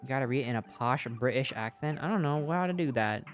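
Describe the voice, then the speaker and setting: A streamer making quiet, offhand remarks while playing a game. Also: lively intonation, fast, hardly any pauses, soft background music. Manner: low-key, quiet, offhand. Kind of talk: casual game commentary.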